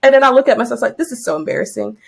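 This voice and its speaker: A young woman teacher co-hosting a podcast, telling a story in casual chat and acting out her own yelling and thoughts. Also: fairly high pitch, animated, very fast, creaky, a little hiss or hum. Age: young adult.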